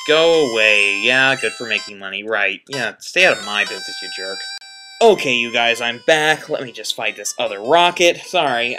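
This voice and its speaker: A man's voice: medium pitch, sharp tone. A young man casually commenting on a video game he is playing, rambling and joking at himself. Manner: rambling, self-deprecating, jokey. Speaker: let's play commentator.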